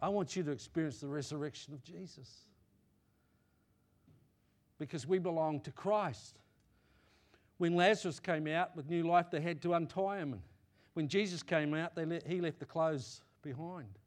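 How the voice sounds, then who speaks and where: High-voiced New pastor preaching. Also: male voice, moderate pace, long pauses. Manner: swings from loud emphatic declarations to low quiet asides; repeats and restarts phrases, checks in with listeners. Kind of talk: sermon. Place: church.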